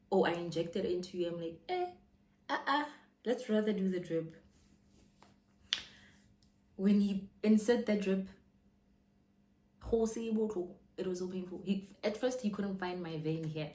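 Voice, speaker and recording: A young woman casually telling a personal story as a vlogger, animated and dramatic, switching between English and Setswana phrases. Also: fairly low pitch. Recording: roomy echo, faint background noise.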